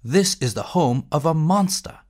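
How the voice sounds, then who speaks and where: A man voicing a nervous adult male spaceship navigator, reading slowly. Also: fairly high pitch, expressive, a little mellow. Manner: slow, deliberate reading.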